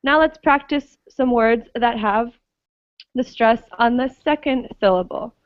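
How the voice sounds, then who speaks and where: Slow, patient woman teaching pronunciation. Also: on the high side, clear, resonant tone, dry recording, phone-quality sound. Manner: slow, patient, checks understanding often. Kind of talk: online class instruction.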